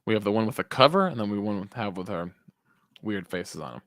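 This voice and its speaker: A man's voice: fairly low pitch, animated, fast talker, a bit bright, dry recording, clean studio sound. A young man co-hosting a podcast in casual chat, rambling and cutting himself off, swearing often. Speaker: podcast co-host.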